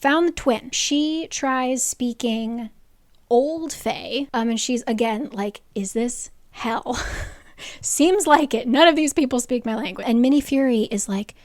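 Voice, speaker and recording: A woman's voice: high-pitched, measured pace, a little mellow, no room sound. Young woman recapping a book, voice kinda shot, lots of "like," sarcastic asides, dead dry room. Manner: chatty, rambling, lots of "like" asides. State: voice worn out. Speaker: book summary creator. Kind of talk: casual spoiler recap of a novel.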